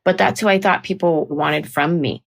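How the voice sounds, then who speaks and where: A woman comedian talking through an interview with a fairly low voice. She tells stories in an animated way and keeps slipping into playful put-on voices. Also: normal speed, gravelly. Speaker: comedian guest. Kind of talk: conversational interview.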